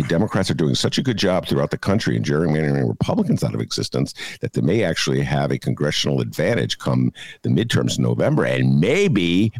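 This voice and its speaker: A middle-aged man hosts a casual political talk show with a rambling, joking delivery. His fairly low voice swoops widely in pitch. The sound is dry and close to the mic. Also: no room sound. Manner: jokey, rambling, animated. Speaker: podcast host.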